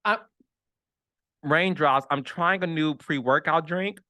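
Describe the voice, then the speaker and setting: A man hosting a reality TV commentary show, talking in an animated, chatty way with dramatic asides. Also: high voice, measured pace. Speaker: reality TV commentator and podcast host. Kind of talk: casual chat.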